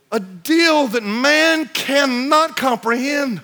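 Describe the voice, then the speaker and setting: A man preaching a sermon, shouting repeated refrains, then dropping to a low hush to read scripture in old biblical wording. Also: expressive, a little slow.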